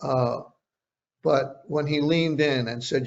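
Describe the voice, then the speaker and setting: An older journalist telling stories about past interviews in a halting, conversational way, with frequent restarts. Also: male voice, mid-range voice, steady tone, vocal fry. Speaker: journalist guest recounting interviews. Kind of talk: conversational storytelling. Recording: dull lo-fi podcast audio.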